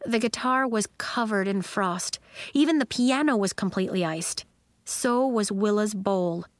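A woman narrating a children's story in an expressive storytelling manner. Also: mid-range voice, a little slow, no echo. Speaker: audiobook narrator.

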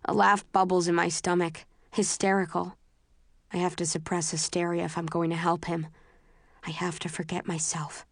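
Low-voiced woman narrating an audiobook. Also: level tone, moderate pace, creaky, no echo, studio quality. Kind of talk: first-person scripted narration.

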